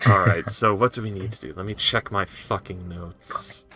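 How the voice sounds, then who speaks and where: Deep, bright-toned man teasing friends. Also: fairly even intonation, moderate pace, soft background music. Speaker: player. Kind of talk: casual tabletop game chat.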